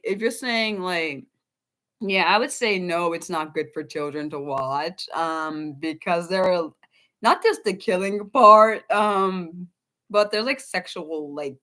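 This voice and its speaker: Animated swearing woman streamer. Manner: animated, swears freely, rambles with restarts; jumps high in pitch for quoted outbursts. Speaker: livestream host. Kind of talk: casual unscripted livestream chat.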